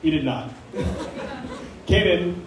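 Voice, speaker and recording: Young male college comic, high voice, giggly storyteller, recorded far off in an echoey room. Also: takes it slowly, noisy background. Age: young adult. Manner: animated storytelling, laughing through his lines. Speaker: club president and comedian. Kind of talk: stand-up comedy. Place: campus comedy venue. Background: audience laughing.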